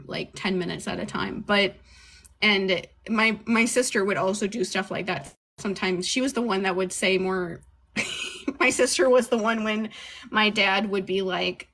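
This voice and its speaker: A woman's voice: medium pitch, a bit bright. A woman co-hosting a podcast in casual chat, rambling with many fillers, laughing often and swearing freely. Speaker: podcast co-host.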